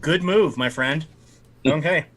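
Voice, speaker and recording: A man narrating as game master of a tabletop game, telling the scene in a lively, animated way. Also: a little high, takes it slowly.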